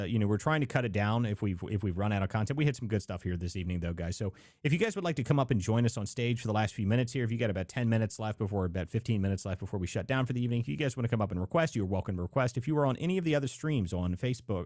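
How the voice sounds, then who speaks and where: A man's voice: on the low side, animated, racing, few pauses, a little mellow, no room sound, clean studio sound. A man hosting a live political talk stream, rambling and emphatic, leaning hard on "like" as he opinionates. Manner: rambling, emphatic, heavy use of "like". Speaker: livestream political show host. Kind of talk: casual political commentary.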